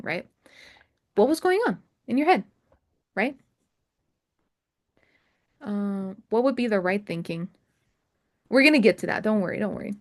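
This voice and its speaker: A young adult woman in a casual coaching call, mentoring traders, who talks in a chatty way and keeps asking "right?". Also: medium pitch. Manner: chatty, repeats "right?" often. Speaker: trading mentor.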